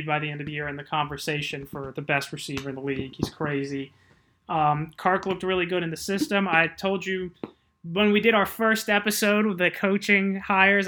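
Guy breaking down football takes, bright clear tone, easy laugh. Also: fairly high pitch. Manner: measured, chatty, laughs easily. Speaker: podcast co-host. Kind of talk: casual sports chat.

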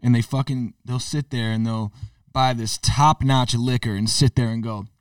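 A man's voice: medium pitch, fairly even intonation, moderate pace, smooth, dry recording, distant mic. A man co-hosting a podcast, chatting casually with blunt, profane rants and mocking impressions. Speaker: podcast co-host. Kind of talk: casual chat.

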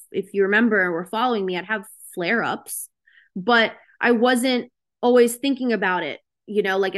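This self-help host, whose voice is a little high and a bit bright, speaks to her group on a video call. Her motivational talk is informal and candid, sprinkled with many fillers.

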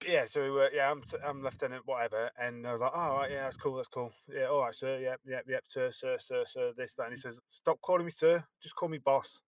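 A man's voice: medium pitch, flat delivery, brisk, hardly any pauses, no room sound. A man, a former Guardsman, telling an army anecdote in a hesitant, filler-heavy way. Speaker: podcast co-host, ex-Guardsman. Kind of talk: casual anecdote.

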